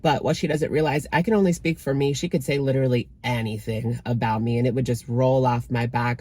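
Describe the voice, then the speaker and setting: A man's voice: on the high side, a little mellow. A man hosting a commentary channel, talking casually with a sarcastic, dismissive edge.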